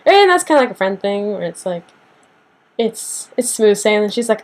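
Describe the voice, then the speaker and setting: A young woman ranting casually to the camera in a sassy, animated way, acting out what people say with big jumps in pitch. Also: a little fast, rough recording. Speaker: vlogger.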